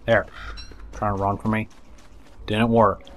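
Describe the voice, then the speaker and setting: A man giving casual let's play commentary, excitable and swearing, talking to the creatures in the game. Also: on the low side, unhurried, a little hiss or hum. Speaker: gameplay commentator.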